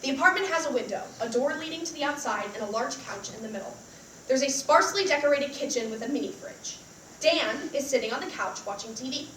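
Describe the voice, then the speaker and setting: A woman's voice: sits high, a bit bright. A young woman reading stage directions aloud in a theater. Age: young adult. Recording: echoey theater from far off, faint noise.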